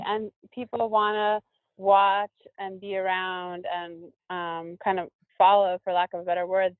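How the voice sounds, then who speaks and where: A woman, a professional skier, talking casually in an interview and often pausing with fillers as she looks for words. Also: fairly low pitch, no echo. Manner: thoughtful, searching for words with many fillers. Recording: dry, tinny phone-like line.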